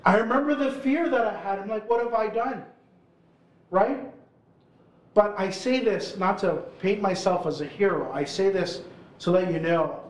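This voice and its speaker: A man in his forties, an urban ministry worker, telling stories to a live audience at an event. He keeps it casual and chatty, with lots of "like" and "right?". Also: high-pitched. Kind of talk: live storytelling talk. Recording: roomy hall sound.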